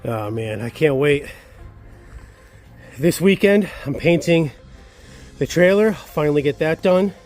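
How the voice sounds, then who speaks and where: Man, casual DIY vlog talk, upbeat, chatty, slightly high voice, faint music behind. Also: expressive, unhurried, long pauses, darkish tone. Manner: upbeat and chatty, self-assured. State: a little out of breath. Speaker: channel host.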